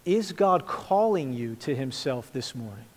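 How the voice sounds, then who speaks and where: A man preaching a sermon as pastor, earnest, then dropping to a quiet prayer. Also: medium pitch, very animated, a little slow, long reverb tail. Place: church sanctuary.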